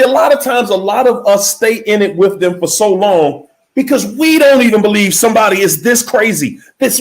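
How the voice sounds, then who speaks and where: A motivational speaker with a very high voice delivers a speech in an emphatic, repetitive preaching cadence. He slows down to stress key words, and faint music plays behind him.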